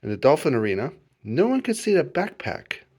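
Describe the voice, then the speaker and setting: Male read-aloud host, very low and husky, highly animated storybook narration. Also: a little fast. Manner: expressive, lilting storyteller.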